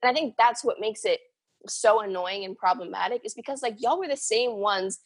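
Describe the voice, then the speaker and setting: A young woman from the Bahamas co-hosting a podcast, chatting in an animated way and saying "like" and "literally" a lot. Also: medium pitch, a little fast, slightly rough. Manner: animated, says "like" and "literally" often. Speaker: podcast co-host. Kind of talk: casual chat.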